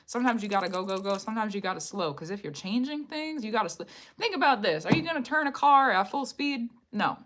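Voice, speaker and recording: A woman hosting a live-streamed card reading. She muses aloud, repeats her phrases and speaks directly to her viewers, sometimes dropping to a soft whisper. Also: mid-range voice, sing-song, quick pace. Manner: repetitive, musing, talks to viewers directly.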